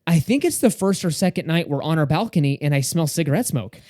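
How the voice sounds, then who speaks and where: A young man co-hosting a casual podcast, rattling off an anecdote and slipping into the voices of the people in it. His voice sits a little high for a man, and the recording is close and dry with no room sound. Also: quick pace, no echo. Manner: animated storyteller, acts out quoted dialogue. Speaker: podcast co-host. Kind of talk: casual chat.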